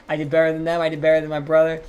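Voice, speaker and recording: A man's voice: fairly high pitch, very fast, clean tone, dull audio. Rambling, cursing young man streaming a game. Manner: rambling, profane, animated storytelling. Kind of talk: casual storytelling while gaming live.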